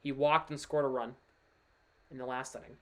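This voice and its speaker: At a normal speed and in a mid-range voice, a man provides casual live play-by-play for a streamed baseball game. His tone is chatty, rising to excitement on big plays, with offhand side remarks along the way.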